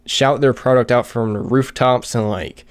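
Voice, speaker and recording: A man's voice: mid-range voice, steady tone, moderate pace, smooth. A man hosting a casual solo podcast, tired and out of breath, rambling with many fillers and restarts. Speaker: podcast host.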